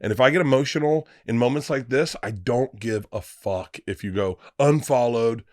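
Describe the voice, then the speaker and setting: A man's voice: medium pitch, normal speed, no room sound, studio quality. A comedian in his fifties chatting as a podcast guest, swearing freely and acting out quotes while he tells stories. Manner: profane, animated storyteller acting out quotes. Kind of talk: casual podcast chat.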